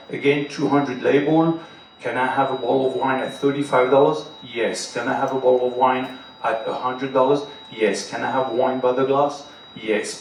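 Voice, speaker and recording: A man with a French accent, not speaking his first language, animatedly talking up a cruise restaurant to a panel audience. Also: medium pitch. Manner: animated, speaks straight to the audience, repeats "trust me". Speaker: cruise beverage director on a panel. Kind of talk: panel talk to a live audience. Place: large hall with an audience. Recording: echoey hall, distant mic, faint noise.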